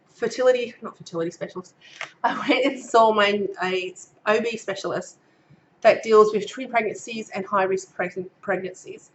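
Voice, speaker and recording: Speaking at a medium pitch over lo-fi sound and slight background noise, an Australian woman in her thirties vlogs a casual pregnancy update to camera. Still getting over a cold and slightly breathless, she glances at her notes and chats along with plenty of ums.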